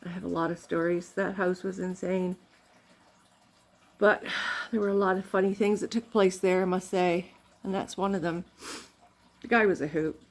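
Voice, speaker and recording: A woman's voice: medium pitch, steady tone, a little slow, long pauses. An older woman from Canada telling rambling, funny family stories in a casual vlog, laughing often. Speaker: vlogger.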